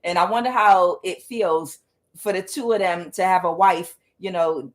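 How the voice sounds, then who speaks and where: A woman's voice: mid-range voice, a little slow. A woman tarot reader in a casual monologue who tells her story bluntly, swears freely and repeats words for emphasis.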